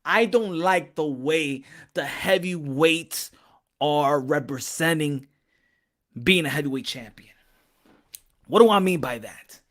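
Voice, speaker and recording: A man from Texas hosting a casual boxing opinion vlog, talking in an animated, repetitive, profane way. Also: fairly high pitch, takes it slowly, pauses often. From Texas, USA. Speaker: boxing commentator and host.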